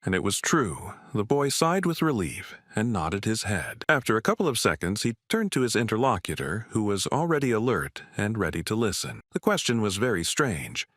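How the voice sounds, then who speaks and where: A man reading a scripted story recap in a steady storytelling manner. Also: on the low side, moderate pace, hardly any pauses, dry recording, clean studio sound. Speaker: recap narrator.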